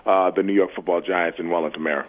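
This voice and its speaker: A man's voice: low voice, steady tone, fast. An earnest man in his sixties, a former football player, talks as a phone-in guest. He often stumbles and repeats words while hunting for the right one. His voice comes through a narrow, tinny phone line. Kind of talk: phone interview.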